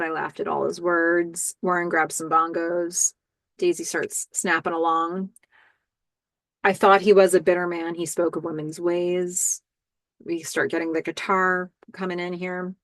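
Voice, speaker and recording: Woman podcast host, lowish voice, casual recap, describes scenes and muses on them, dry close mic. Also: a bit bright, no room sound.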